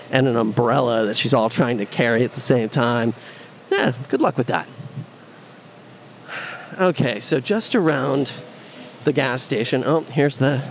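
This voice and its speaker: A man's voice: medium pitch, a little hiss or hum. A man narrating his walk to work, talking casually and rambling with lots of fillers, recorded on a phone on a city street. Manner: meandering, many fillers and restarts. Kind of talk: casual rambling monologue while walking. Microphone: phone recording app. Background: faint street ambience.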